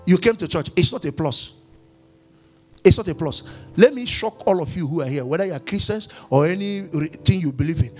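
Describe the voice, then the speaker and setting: A man preaching a sermon as pastor, emphatic and repetitive, swinging between quiet and loud. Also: on the high side.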